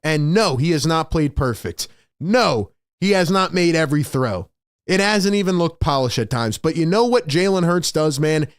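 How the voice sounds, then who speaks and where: A man hosting a postgame sports show, talking in an excited, emphatic way and repeating his key points, worked up with excitement. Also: fairly high pitch, normal speed, clean tone, no room sound, clean studio sound. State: overexcited.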